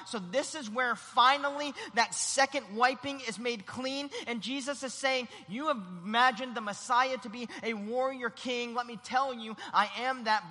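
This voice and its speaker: A high-voiced man preaching with animated energy, his tone bright and sharp. He slips into voices to act out the story. A long reverb from a large hall trails his words. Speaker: pastor. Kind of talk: sermon.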